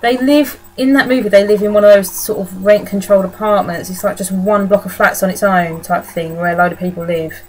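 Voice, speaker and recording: A woman's voice: mid-range voice, fairly even intonation, brisk, few pauses, a little hiss or hum, low-quality recording. A woman giving a casual, rambling film review indoors, swearing freely and laughing often. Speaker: movie reviewer. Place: indoor room.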